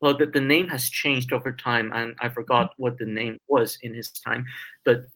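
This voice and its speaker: A man's voice: mid-range voice, level tone, normal speed, a bit bright, poor audio. A man being interviewed as a guest scholar, talking hesitantly with many ums and repeated words. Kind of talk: interview discussion.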